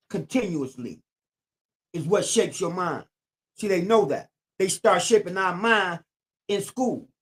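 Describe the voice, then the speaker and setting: Older man preaching in AAVE. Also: sits high. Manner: preachy, repetitive, emphatic. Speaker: YouTube channel host. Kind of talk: streetwise commentary monologue.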